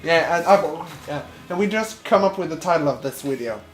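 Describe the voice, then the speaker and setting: A man's voice: on the high side, animated, a little fast, echoey room. A man co-hosting a casual gaming session, making short, blunt remarks. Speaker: let's play co-host.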